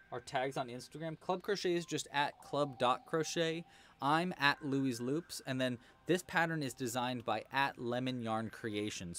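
A man hosting a casual crochet livestream, talking quietly to himself as he works and chatting with viewers, with faint music behind. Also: mid-range voice. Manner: relaxed, murmurs to himself while working, chatty with viewers.

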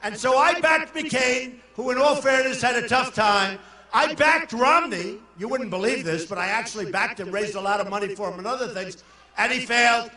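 An older man from New York giving a boastful, rambling rally speech to a crowd and shouting some lines. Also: extremely high pitch, normal speed. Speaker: political candidate at a rally. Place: large indoor arena. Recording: echoey hall from far off.

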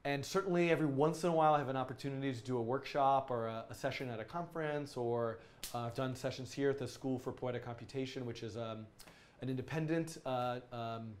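A man hosts a casual coding live stream, enthusiastically rambling as he talks students through project ideas, with many ums and restarts. His voice is mid-range and his pace quick.

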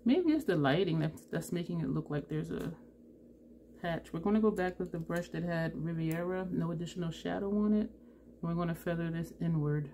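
A woman's voice: lowish voice, normal speed, mellow, slight background noise. A woman vlogger chatting through a makeup tutorial, thinking aloud and correcting herself as she goes. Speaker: beauty vlogger.

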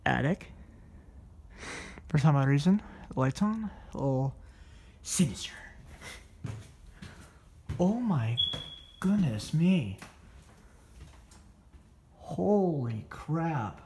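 An urban explorer vlogger films on a handheld phone while exploring an abandoned house, giving casual walkthrough narration. Slightly out of breath, he rambles and often corrects himself, his fairly high voice expressive, slow and mellow with long pauses in a roomy-sounding space.

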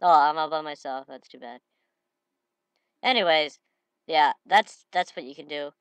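A slightly sniffly woman giving excitable gameplay commentary, breaking into shouted trash talk. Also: low-pitched, unhurried, smooth, no echo, dull audio. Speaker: gamer.

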